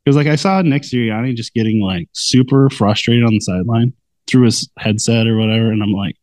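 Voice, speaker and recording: A young man co-hosting a casual sports podcast, joking and getting animated when he quotes people. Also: medium pitch, brisk, no room sound. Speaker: podcast co-host.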